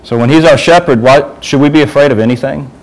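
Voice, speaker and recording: A man's voice: medium pitch, fast, low-quality recording. Casual man preaching to youth. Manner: conversational, asks the group questions. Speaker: youth group leader. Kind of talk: informal youth sermon.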